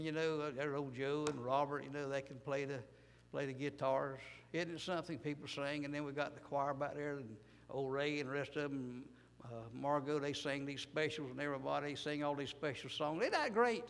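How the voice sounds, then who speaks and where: A man preaches in a church with a gravelly, somewhat high voice. He rambles in a folksy, self-deprecating way and often repeats himself. The sound rings with the long echo of a church hall. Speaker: pastor. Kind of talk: sermon.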